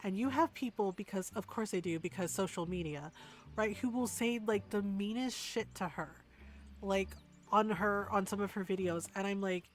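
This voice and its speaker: A woman's voice: mid-range voice, normal speed, faint music behind. A woman streamer in casual chat, ranting heatedly with lots of swearing and frequent "like" and "right?".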